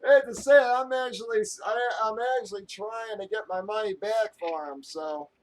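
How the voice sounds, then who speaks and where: A man's voice: high voice, moderate pace, poor audio. A man hosting a live stream, ranting angrily to his viewers, swearing often and rambling with restarts. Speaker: live stream host breaking sports card boxes.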